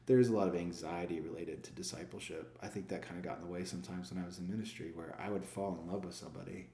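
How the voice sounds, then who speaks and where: A man with a low, dark, mellow voice, speaking as a former pastor in a relaxed interview. He works through his points with rhetorical questions he answers himself. The sound is roomy and echoey. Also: fast, vocal fry. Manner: reflective, poses rhetorical questions and answers them. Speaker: sales manager and former pastor, guest. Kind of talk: casual podcast interview. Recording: echoey room.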